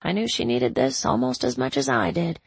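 A woman's voice: a little high, big pitch swings, normal speed, creaky, breathy edge, no echo. A woman giving intimate, emotional first-person audiobook narration.

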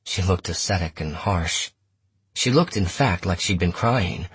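A man narrating a first-person story in a measured, steady audiobook reading. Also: sits low, slightly rough, no room sound.

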